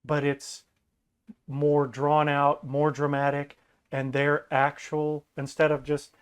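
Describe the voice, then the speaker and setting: A man as a podcast guest in casual chat, animated and acting out quoted lines in mocking voices. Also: fairly high pitch, takes it slowly, clear, resonant tone.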